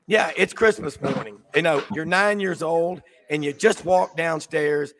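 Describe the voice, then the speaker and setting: Gravelly-voiced man losing his voice. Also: a little high, measured pace. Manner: excitable, rambling. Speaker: sports radio host. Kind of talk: casual sports talk. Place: coffee shop.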